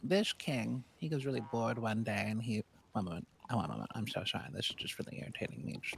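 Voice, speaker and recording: A man voicing a prim, scheming old granny in a western role-play game, with a creaky, raspy voice. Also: lively intonation, fairly quick, a little hiss or hum. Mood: storytelling. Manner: prim and sing-song, with big pitch swings. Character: scheming old granny who wants to kill someone. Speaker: streamer, role-play player.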